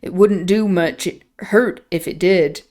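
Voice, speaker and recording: A woman reading a rough, awkward young farmhand. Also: mid-range voice, natural voice. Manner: slow, drawled words.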